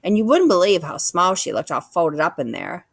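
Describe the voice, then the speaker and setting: A woman's voice: lowish voice, sing-song, moderate pace, slightly rough, no room sound, clean studio sound, full character voice. A woman voicing a chatty, friendly female otter who talks eagerly.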